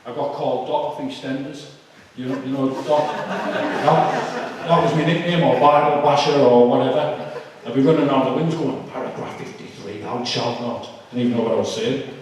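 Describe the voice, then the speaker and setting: A man giving an emotional personal testimony, halting and full of fillers. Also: mid-range voice, fairly even intonation, crowd noise. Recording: echoey hall, far from the mic.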